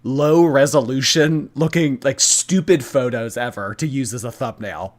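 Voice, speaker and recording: A man's voice: medium pitch, a little slow, few pauses. A man chatting casually on a live stream, teasing and sarcastic. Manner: sarcastic, teasing, lively intonation. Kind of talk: casual livestream chat.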